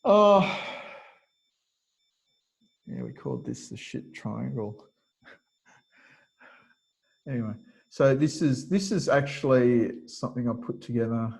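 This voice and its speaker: A man's voice: medium pitch, very animated, takes it slowly, creaky, long pauses, breathy edge. A middle-aged man giving an informal webinar lecture, rambling and digressive, with many restarts and chuckles. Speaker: webinar presenter.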